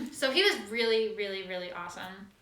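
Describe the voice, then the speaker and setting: Woman co-host, easygoing and friendly, bright tone, recorded from a distance. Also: medium pitch, animated, a little fast. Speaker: co-host of a knitting show. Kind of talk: casual chat. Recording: echoey room, distant mic.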